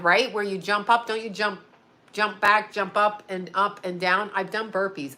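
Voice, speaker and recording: A woman's voice: medium pitch, bright, forceful tone. A middle-aged woman hosting a casual live stream from her home, rambling and chatty, often laughing. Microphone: home video call setup.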